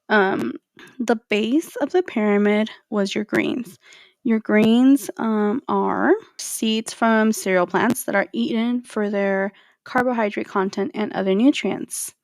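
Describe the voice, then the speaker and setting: A woman's voice: mid-range voice, creaky, darkish tone, dry recording, studio quality. A woman in her thirties hosting a solo podcast, talking casually and directly to her listeners. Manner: casual and chatty, talks straight to listeners. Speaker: podcast host.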